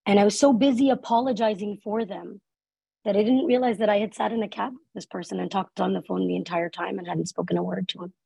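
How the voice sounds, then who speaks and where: Woman speaker, conversational and earnest, husky, with some fry. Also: medium pitch, fairly even intonation, fast, dark tone, dry recording, rough recording. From Canada. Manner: earnest, conversational, frequent "like" and "right?". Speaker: speaker on workplace inclusion. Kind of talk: live talk with a personal story.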